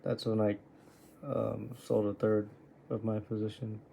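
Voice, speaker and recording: A man's voice: lowish voice, little pitch movement, a little slow, creaky, warm tone, slight background noise. A man going over his own trades and muttering to himself, exasperated and swearing at his own choices. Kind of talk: muttering self-critical screen review.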